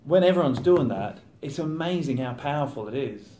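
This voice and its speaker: Man, 30, professional footballer, relaxed interview talk, mid-pitched, echoey room sound. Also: brisk, a little hiss or hum. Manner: chatty, acts out teammates' banter. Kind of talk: casual interview chat. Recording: roomy echo.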